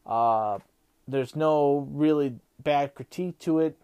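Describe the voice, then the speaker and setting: A man's voice: on the high side, slow, clear, resonant tone, highs cut off. Rambling man, fired up. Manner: rambling, many fillers, gets loud and heated when ranting. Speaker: podcast host. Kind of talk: casual monologue and rant.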